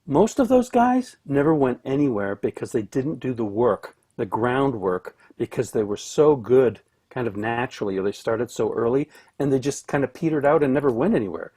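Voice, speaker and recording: A man's voice: mid-range voice, animated, brisk, darkish tone, slightly rough. A middle-aged man from Canada, a guest cellist, chatting casually over a video call, rambling with many restarts and fillers.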